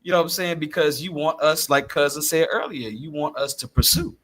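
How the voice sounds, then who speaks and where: A man hosting a casual podcast, telling stories in an animated way and laughing often. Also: a little high, brisk. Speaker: podcast host.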